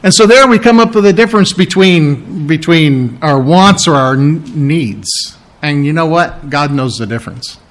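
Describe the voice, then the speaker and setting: A man's voice: a little high, lively intonation, moderate pace, fairly bright tone. A male pastor preaching a conversational, emphatic sermon, often asking rhetorical questions.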